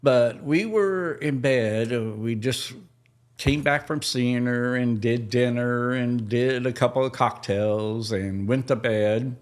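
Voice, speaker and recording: A man hosting a podcast, telling a personal family story in a slow, halting, tender way. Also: mid-range voice. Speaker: podcast host.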